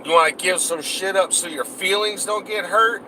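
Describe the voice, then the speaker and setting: Guy going off in a heated profane rant, kinda high voice, traffic hum behind him. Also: normal speed. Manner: heated, cursing, repetitive. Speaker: political vlogger.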